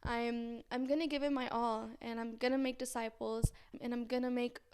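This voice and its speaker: Young woman vlogger with a high voice, rambling and earnest, nervous confessional chat. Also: flat delivery, normal speed, darkish tone, clean tone. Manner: rambling, full of fillers and restarts; earnest, anxious, faith-filled. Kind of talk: casual confessional vlog.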